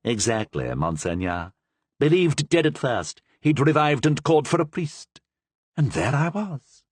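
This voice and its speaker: A man's voice: medium pitch, sing-song, unhurried, breathy edge, no echo, voice pushed up. A man doing a keyed-up, deferential friar. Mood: eager. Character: deferential, sly male Capuchin friar.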